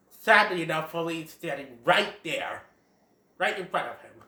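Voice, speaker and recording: With a mid-range, expressive voice that sounds pushed and bright, a fan movie reviewer casually retells a film at a measured pace. The story-style recap rambles and repeats "and then" over and over, and the recording has a roomy echo.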